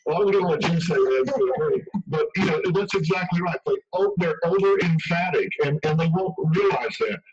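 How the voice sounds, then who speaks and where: Man, radio interview guest, emphatic, slightly high voice, muffled broadcast heard from afar. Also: sing-song, moderate pace, few pauses, faint music behind. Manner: emphatic, conversational, acts out quotes. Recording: dull radio broadcast from far off.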